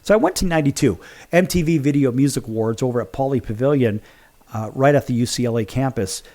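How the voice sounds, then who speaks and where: A man's voice: medium pitch, fast talker, dark tone. A middle-aged man from Chicago hosting a sports betting show, telling a long story in a rambling, chatty way. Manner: rambling, chatty anecdotes with restarts. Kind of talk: casual storytelling on a radio show.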